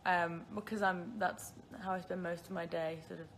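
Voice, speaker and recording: With a fairly low pitch, a steady tone, and normal speed, this woman speaks with a British accent against slight background noise. She's in her twenties, from the Isle of Man, and is chatting casually on a phone livestream, fielding viewer questions and often laughing at herself.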